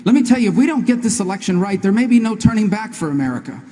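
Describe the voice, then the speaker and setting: A man speaking as a presidential candidate in a debate, in a rapid, emphatic, repetitive stump-speech style. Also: sits high, lively intonation, dark tone, in a large hall. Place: large debate hall.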